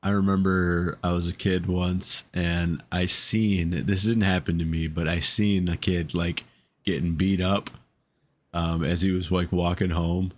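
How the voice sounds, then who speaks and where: A man's voice: deep voice, little pitch movement, unhurried. A man co-hosting a podcast, chatting casually with heavy swearing and frequent laughter. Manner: profane, laughs often. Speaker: podcast co-host.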